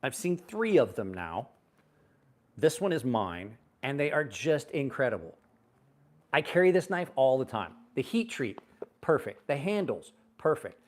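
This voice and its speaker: A middle-aged man hosting a knife livestream, telling stories in a blunt, profane, animated way. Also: mid-range voice, unhurried. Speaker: knife channel host on a livestream. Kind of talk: casual livestream chat.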